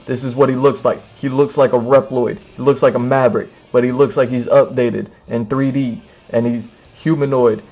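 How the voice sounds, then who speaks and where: A man's voice: mid-range voice, darkish tone, highs cut off. A male streamer telling a casual comedic story, acting out both sides of an imagined conversation.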